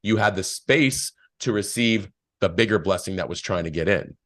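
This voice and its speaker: A man's voice: low-pitched, normal speed, no room sound. A man talking casually and reflectively as a podcast guest, telling stories with quoted voices. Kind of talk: casual spiritual talk.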